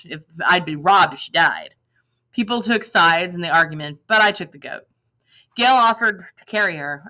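A woman reading a novel aloud in lively first-person narration, acting out the dialogue. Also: on the low side, poor audio. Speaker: reader.

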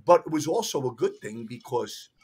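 A man's voice: medium pitch, normal speed, crowd noise. A man, a guest telling firehouse stories in a profane, emphatic way. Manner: profane, animated, emphatic storytelling. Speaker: podcast guest, retired firefighter. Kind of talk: casual storytelling.

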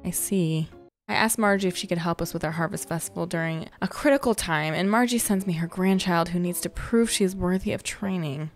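A woman voicing a composed middle-aged female village mayor, reading game dialogue in a formal, measured way. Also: on the low side, soft background music, lightly acted.

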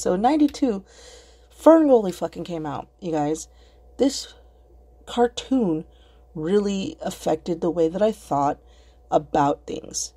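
A woman talking on her own podcast in loose, rambling casual chat, swearing freely and earnest about what she says. Her voice sits a little low and sounds husky and mellow. She talks from her computer at home. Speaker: podcast host.

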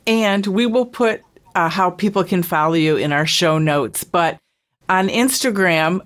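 Woman host of an interview podcast: lower voice, gentle, measured questions. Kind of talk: casual interview conversation.

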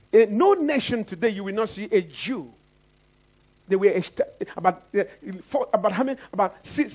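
A pastor from Nigeria preaching a sermon, calling out to the congregation again and again and acting out the voices he quotes. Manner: preaching with repeated call-outs to the congregation; acts out quoted voices with big pitch swings.

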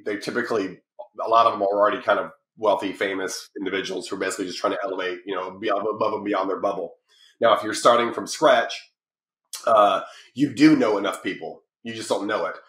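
Middle-aged guy rambling on a podcast, lots of ums and restarts, kinda echoey. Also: fairly low pitch. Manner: rambling, lots of restarts and fillers, animated when telling stories. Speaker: podcast guest, publishing company founder. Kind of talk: casual interview talk.

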